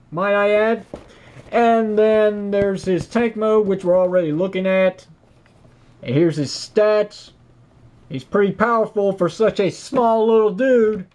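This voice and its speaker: A man's voice: sits high, a little mellow. A man reviewing a toy on camera in a chatty, opinionated and enthusiastic way, filling his talk with "you know". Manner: enthusiastic, with frequent praise. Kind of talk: casual product review to camera.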